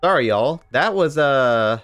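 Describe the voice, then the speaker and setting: A man's voice: medium pitch, takes it slowly. Male streamer, casual and chatty, cusses, light music under him. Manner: animated, swears, talks to chat. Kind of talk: casual live-stream game commentary.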